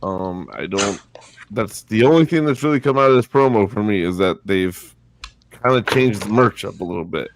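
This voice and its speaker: A man's voice: fairly low pitch, lively intonation, normal speed, slight background noise. A man co-hosting a casual wrestling podcast, rambling with many restarts and fillers. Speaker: podcast co-host.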